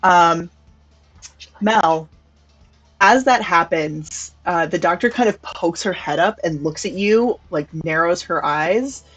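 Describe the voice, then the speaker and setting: A woman narrating as game master of a tabletop role-playing game, in a relaxed, casual way. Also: on the low side, takes it slowly, slightly rough, soft background music, poor audio.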